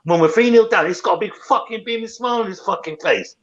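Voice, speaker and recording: A man's voice: high-pitched, quick pace, fairly bright tone. A man co-hosting a football fan show, ranting angrily and swearing constantly. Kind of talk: casual post-match fan chat. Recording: dull lo-fi sound.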